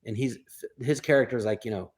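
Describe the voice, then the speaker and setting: A man, a guest comedian, telling anecdotes and acting out the people in them with animated bursts. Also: medium pitch, fast. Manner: acts out quoted voices in animated bursts. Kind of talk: storytelling anecdotes.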